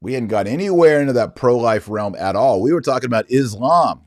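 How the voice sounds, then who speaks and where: A middle-aged man hosting a podcast, telling a story in a lively way and acting out the quoted dialogue. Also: medium pitch, a little fast, no room sound, clean studio sound. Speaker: podcast host. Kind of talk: casual commentary monologue.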